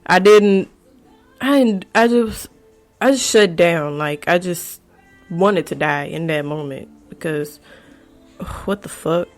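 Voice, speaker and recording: Woman podcast host, slow and unhurried, candid and profane, casual advice talk. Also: fairly low pitch, faint music behind. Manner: candid and profane, rambling with restarts.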